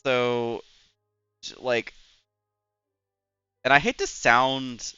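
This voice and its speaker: A man's voice: medium pitch, steady tone, extremely slow, sharp tone, clear, resonant tone, no echo, muffled recording, soft background music. A young man who is a Twitch streamer, rambling in casual chat while gaming and filling his talk with "like" and "anyways.". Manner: rambling and chatty, full of "like" and "anyways".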